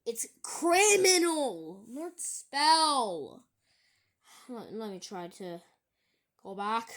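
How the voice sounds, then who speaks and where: A woman talking casually in a video, reading out online comments and scoffing at them in halting, rambling sentences. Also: medium pitch, sing-song, fairly bright tone. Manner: halting, rambling, with many restarts. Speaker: YouTuber.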